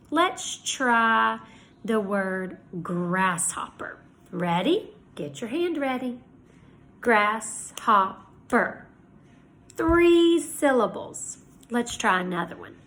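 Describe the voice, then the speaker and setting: A woman teacher giving a lesson to young children, speaking slowly and clearly in an encouraging way. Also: fairly high pitch.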